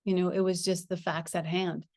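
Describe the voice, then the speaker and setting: A middle-aged woman telling a personal spiritual story. She talks in an earnest, reflective way with gentle pauses and frequent small laughs. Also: on the low side, little pitch movement, dry recording, studio quality. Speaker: spiritual teacher.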